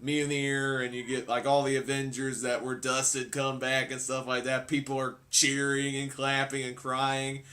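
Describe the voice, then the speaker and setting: A man as a guest in a casual movie chat, talking in a relaxed way with many fillers. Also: medium pitch, measured pace, few pauses. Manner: relaxed, uses lots of "like" and "uh".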